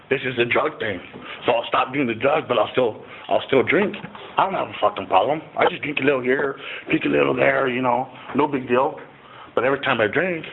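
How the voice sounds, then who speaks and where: A man's voice: mid-range voice, creaky. A middle-aged man casually telling a personal recovery story, profane and rambling, with lots of "you know" fillers. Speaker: speaker sharing a recovery story. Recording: tinny phone-like recording with faint hiss.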